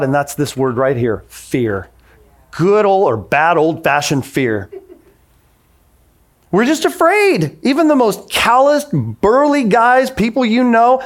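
A man in his forties preaching a sermon in a casual, conversational way, acting out the voices he quotes. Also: on the high side. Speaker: pastor.

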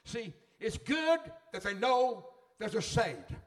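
A man's voice: high voice, sing-song, slow. A middle-aged man preaching a sermon in a fervent, folksy way.

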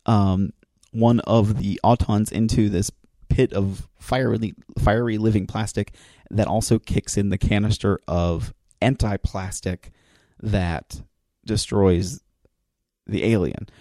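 Host, male, lowish mellow voice, dry close sound, excitable storyteller who rambles and restarts. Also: takes it slowly, no room sound. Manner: enthusiastic storyteller, acts out quoted lines. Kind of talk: casual recap of a TV episode.

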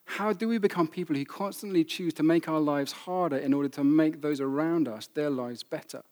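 A man's voice: a little high, a little fast, a little mellow. A man in his thirties preaching a sermon, telling a family story in an earnest, intimate way. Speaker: pastor.

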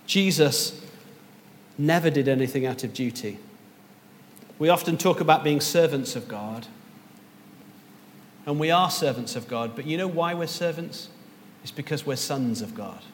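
A man's voice: fairly high pitch, expressive, measured pace, pauses often, big-room sound, a little hiss or hum. A man preaching a sermon as pastor, earnest and rising to emphatic peaks.

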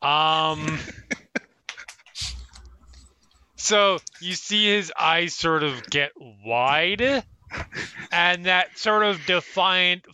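A man's voice: on the high side, drawn-out words, long pauses, bright, forceful tone, clean tone, dry recording. A man running a tabletop game as dungeon master, narrating with amusement and frequent laughs.

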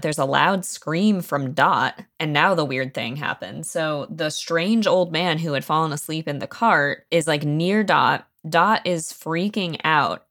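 A woman casually retelling a novel's plot, chatty and full of fillers, playing out what each character says. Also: low voice. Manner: chatty, animated quoting of characters, frequent "like" fillers. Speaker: podcast co-host.

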